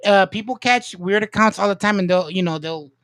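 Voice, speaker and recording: A man with a high voice hosts a livestream, talking in an emphatic, repetitive way and swearing now and then. The sound is dry and close, with no room echo. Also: brisk, a bit bright. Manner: emphatic, repeats himself, swears. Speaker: livestream host. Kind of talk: casual livestream chat.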